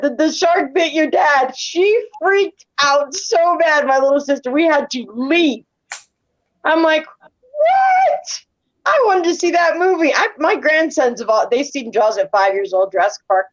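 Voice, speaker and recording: A woman's voice: sits high, highs cut off. A middle-aged woman telling stories casually as an interview guest, rambling and repeating words as she retells events. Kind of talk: casual storytelling.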